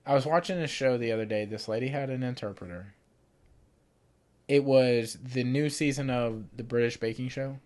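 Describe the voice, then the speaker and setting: A young man chatting as a podcast co-host, loose and easygoing in his talk. His voice sits at a middle pitch for a man, and he swears without a second thought. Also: moderate pace, darkish tone. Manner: laid-back, swears casually, laughs often. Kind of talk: casual chat.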